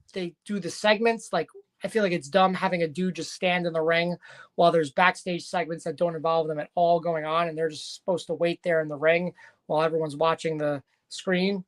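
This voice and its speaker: A woman's voice: on the low side, fairly even intonation, fairly quick. A woman casually recapping a wrestling show, chatty and rambling with frequent fillers and restarts.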